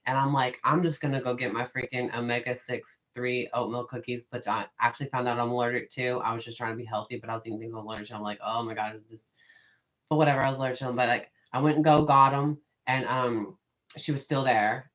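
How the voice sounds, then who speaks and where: A man hosting a casual chat as a psychic medium, telling rambling, animated stories full of fillers and swearing. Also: medium pitch, fairly quick, muffled recording.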